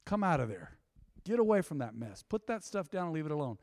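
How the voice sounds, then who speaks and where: Male pastor, fairly high voice, dry close sound, lively preaching that swells and hushes. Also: brisk, no echo. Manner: animated, preaching with sudden loud swells and quiet drops. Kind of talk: sermon. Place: church.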